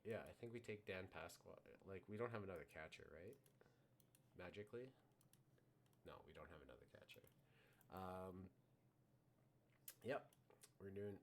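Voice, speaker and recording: A man's voice: on the low side, a little hiss or hum. A man streaming a baseball card game live, muttering his picks to himself in a self-mocking way, with faint clicking behind him.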